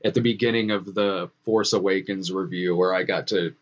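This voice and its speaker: A man's voice: low voice, steady tone, moderate pace, dull audio. A man hosting a casual live-stream chat over a video call, rambling with many restarts. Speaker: host.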